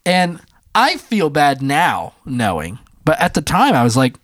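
A man co-hosting a podcast, chatting casually and telling stories with lively acted-out quotes. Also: measured pace, no room sound, clean studio sound. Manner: animated storyteller, acts out quotes in a high voice. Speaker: podcast co-host. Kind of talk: casual chat.

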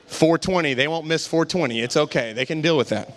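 A middle-aged pastor delivers a sermon in a fairly high voice. He preaches with fervor and calls out to the congregation. Between points he tells stories in a chatty, joking manner. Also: expressive, quick pace, hardly any pauses.

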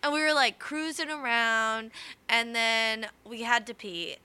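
A woman co-hosting a casual podcast chat, telling an anecdote in an animated way. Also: fairly high pitch, a little slow, clear, resonant tone. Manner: animated storyteller. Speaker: podcast co-host.

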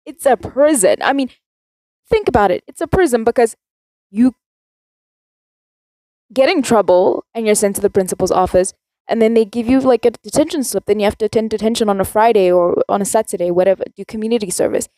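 A woman's voice: mid-range voice, fairly quick, mellow, no room sound. Teenage girl, from South Africa, podcast host, rambling, casual, dry sound. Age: teens. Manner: rambling, self-contradicting, chatty. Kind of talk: casual solo podcast rant.

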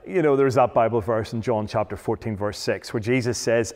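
A man's voice: mid-range voice, fairly quick, a little mellow. A man preaching a sermon, emphatic, often asking rhetorical questions. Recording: long hall reverb.

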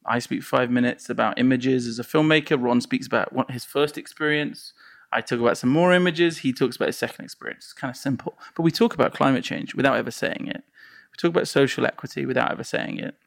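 A filmmaker telling animated stories in a conversation, acting out crowd reactions and laughing along. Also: male voice, medium pitch, fast, creaky, no room sound, studio quality. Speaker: filmmaker and guest.

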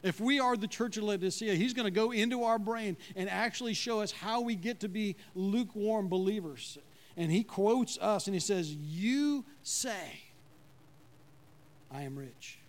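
High-voiced man preaching a conversational sermon. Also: normal speed. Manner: conversational, asks the congregation questions; drops to a low, quiet voice when quoting God. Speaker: pastor.

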